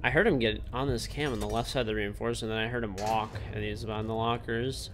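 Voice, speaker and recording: A man's voice: on the low side, steady tone, quick pace, fairly bright tone, a little hiss or hum. A man streaming a game who chats casually, thanks viewers and jokes with teammates.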